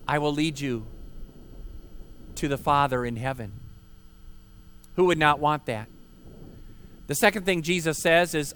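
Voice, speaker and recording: A man's voice: on the high side, a little slow, long pauses, bright, forceful tone, a little hiss or hum. A man, a pastor preaching a sermon at an outdoor park service, earnest and emphatic, asking rhetorical questions and repeating key words.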